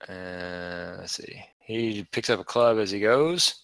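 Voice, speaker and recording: A man running a tabletop game online as game master, relaxed and chatty, laughing often. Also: on the low side, takes it slowly, no room sound. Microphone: online voice chat.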